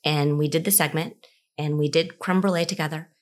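A middle-aged woman telling a personal story in an animated way, acting out the voices in it. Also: low-pitched, fairly quick. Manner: animated, acts out quoted voices. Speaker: cookbook author.

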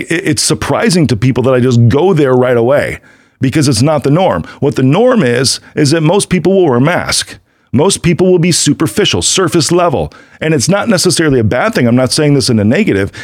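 A man's voice: fairly high pitch, no room sound, clean studio sound. A man hosting his own podcast, talking casually and emphatically to listeners, repeating himself and checking in with "right?". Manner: emphatic, repetitive, conversational with frequent "right?". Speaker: podcast host. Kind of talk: casual solo podcast monologue.

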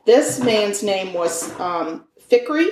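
A woman's voice: medium pitch, expressive, slow, reverberant, far from the mic, slight background noise, poor audio. A woman hosting a podcast, telling a true crime case in a conversational way, with fillers and self-corrections. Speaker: podcast host. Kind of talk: true crime storytelling chat.

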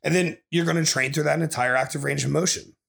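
A man's voice: a little high, steady tone, fast, vocal fry, fairly bright tone. A man hosting a podcast as a bodybuilding coach, ranting in an aggressive, profane way and swearing constantly.

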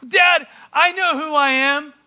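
A man acting out a cocky young son, bragging and begging for approval in a very high, bright, ringing voice. He is eager, insistent and full of himself. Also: slow pace, heavily acted. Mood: boastful.

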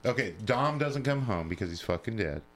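A man on a podcast recapping a horror film in a casual, profane, animated way. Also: lowish voice, a little fast. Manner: profane, animated retelling of plot. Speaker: podcast co-host. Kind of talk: casual chat.

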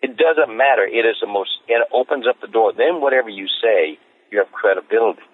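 A man telling stories as an interview guest, rambling and repeating himself as he gets excited. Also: lowish voice, a little fast. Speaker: street evangelist guest. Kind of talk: casual interview storytelling. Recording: tinny phone line.

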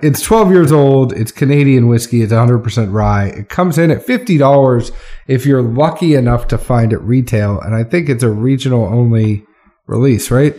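A man co-hosts a relaxed whiskey tasting chat. His voice sits in a middle range, and he talks in a chatty, descriptive way, restarting sentences as he works through the flavors. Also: medium pitch, moderate pace.

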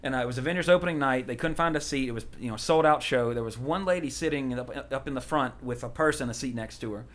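A man rattles through a rambling story on a podcast. He talks quickly and casually, often breaking into laughter. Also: medium pitch, fairly bright tone. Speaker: podcast co-host. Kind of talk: casual chat.

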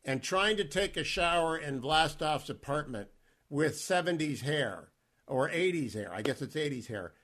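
A man's voice: on the high side, fairly bright tone. A man hosting an interview, playful and joking as he steers the talk. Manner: playful, jokes about his own pronunciation. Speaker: interview host. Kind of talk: casual interview.

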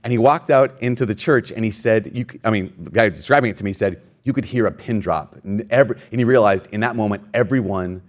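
A man preaching a homily as a priest, telling a personal story with animated quoted voices and self-deprecating humor. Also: lowish voice, fast talker, few pauses.

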